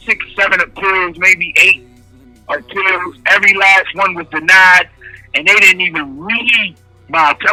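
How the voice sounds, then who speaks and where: Calling from prison for an interview, this man answers with passion, hammering his points by repeating key phrases in casual street talk. His voice is high, bright and forceful, and the recording is dry.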